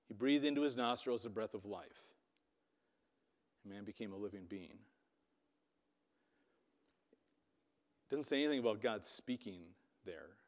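A man preaching a sermon, telling a Bible story dramatically with loudness that rises and falls. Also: medium pitch. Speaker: pastor. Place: church hall. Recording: long reverb of a hall.

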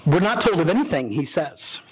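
A man's voice: very animated, a little fast, breathy edge. A man preaching a sermon as pastor, telling a story dramatically with sudden rises and drops in his voice. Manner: dramatic storytelling preacher, voicing characters with pitch swings.

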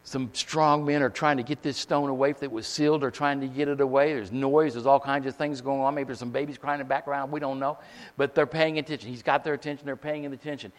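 A man preaching a sermon, leading the congregation in call-and-response and swinging from quiet asides to shouts. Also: medium pitch. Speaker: pastor. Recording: long hall reverb.

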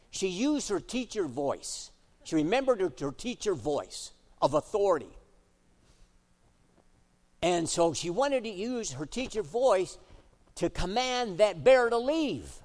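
A middle-aged male pastor preaching a sermon, switching between emphatic exhortation and quiet, chatty storytelling. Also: high-pitched, sing-song, unhurried, long pauses. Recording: echoey hall reverb.

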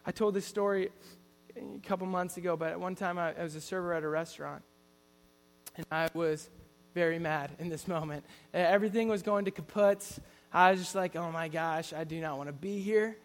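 Guy preaching in a church, pretty high voice, earnest, keeps restarting his sentences. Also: steady tone, brisk, long reverb tail. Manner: earnest, storytelling, frequent restarts. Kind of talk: sermon.

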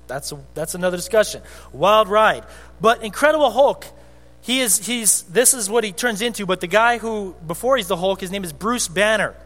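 A man preaching a conversational, animated sermon as a pastor in a church sanctuary. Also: high-pitched, fairly quick. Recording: long hall reverb with faint music.

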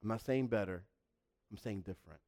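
A man's voice: fairly low pitch, brisk, a little mellow. A man preaching a sermon in a fervent, emphatic style, driving points home through repetition.

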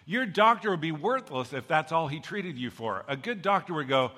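Bright-voiced pastor preaching in a hall. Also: male voice, on the high side, normal speed. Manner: animated storytelling, acting out voices of characters. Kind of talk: sermon.

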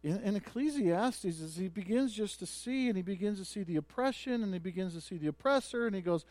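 A man's voice: high voice, lively intonation, a little fast, hardly any pauses, darkish tone, dry recording. A man preaching a sermon as pastor, telling a story with many restarts and building to emphatic points.

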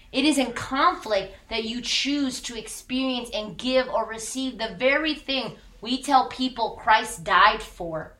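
A woman's voice: medium pitch, sharp tone, roomy sound. A woman pastor in her thirties giving a candid, conversational sermon with emphatic repetition.

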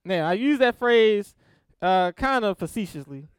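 A man's voice: high voice, animated, a little slow, clear, resonant tone, no room sound, studio quality. A man teaching an informal sermon on spiritual disciplines, talking conversationally and often checking in with his listeners. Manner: conversational, checks in with frequent "okay?" and "right?".

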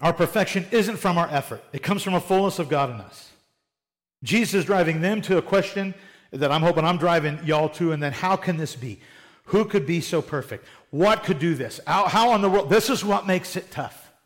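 A man preaching a sermon in a plain-spoken, conversational way, often acting out little quoted exchanges. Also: sits high. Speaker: pastor.

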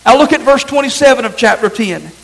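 A man's voice: very high-pitched, expressive, fast talker, vocal fry, a bit bright, low-quality recording. A man preaching a sermon as pastor, earnest and emphatic, driving his points home through repetition.

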